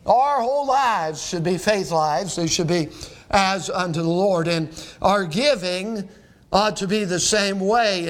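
A middle-aged man preaches a sermon in a noticeably high voice. He reads scripture aloud and throws rhetorical questions at his listeners as he goes. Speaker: pastor.

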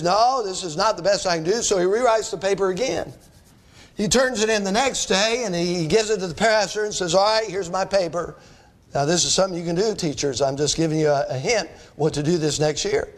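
High-voiced man preaching emphatically. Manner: emphatic, asks the crowd questions, repeats phrases. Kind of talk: sermon to students. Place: church or school hall before a live audience.

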